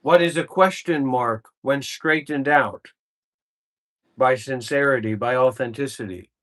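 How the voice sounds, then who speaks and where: A man's voice: mid-range voice, measured pace, a bit bright. A man giving an informal spiritual talk as a meditation teacher, blunt and profane, and driving his points home with emphatic repetition.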